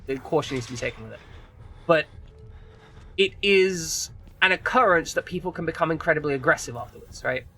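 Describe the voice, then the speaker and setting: A man's voice: a little high, a little fast, bright, forceful tone. A man streaming a game, talking in a rambling, casual way with frequent swearing and restarts. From United Kingdom. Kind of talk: casual chat while gaming.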